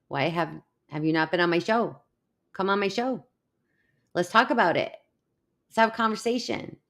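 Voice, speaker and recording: Hosting a live online show, a middle-aged woman chats casually, laughing as she rambles through her stories. Her voice is on the low side and her speed is normal.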